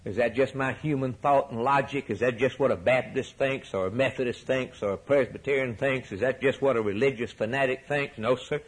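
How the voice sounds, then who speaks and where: A male preacher delivering a sermon with rhetorical repetition, rising to soaring emphatic peaks and dropping to hushed low lines. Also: steady tone, brisk, few pauses, slightly rough, rough recording.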